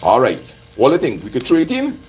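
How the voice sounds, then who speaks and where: Talking fast with wildly swooping pitch, a Trinidadian cook chats and teases his live viewers over the sound of frying. His voice is medium-pitched and a little mellow, on a low-quality recording with slight background noise.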